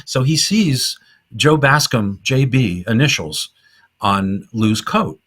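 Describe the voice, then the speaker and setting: A man's voice: medium pitch, expressive, slow pace, fairly bright tone, breathy edge. A middle-aged man hosting a podcast, casually and enthusiastically retelling old comedy film scenes and laughing often. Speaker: podcast host.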